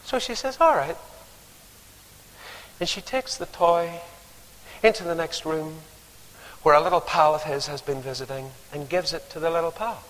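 A man preaching a sermon, telling stories with lively acted-out voices. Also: fairly high pitch, moderate pace, long pauses. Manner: animated storytelling, acting out voices. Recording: long hall reverb.

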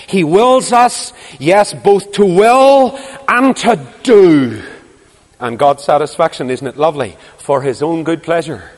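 A man's voice: on the high side, animated, slow, in a large hall. A man preaching an impassioned sermon, full of rhetorical questions and repeated phrases.

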